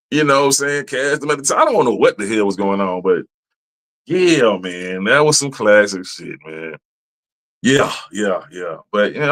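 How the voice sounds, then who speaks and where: A man hosting a podcast in a casual, profane, animated monologue, laughing often and jumping high in pitch when he rants. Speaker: podcast host.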